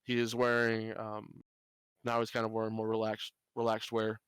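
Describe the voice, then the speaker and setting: Male game master, low smooth voice, stop-start narration, dry close mic. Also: completely flat delivery, fairly bright tone, no room sound. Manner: halting, filler-heavy narration.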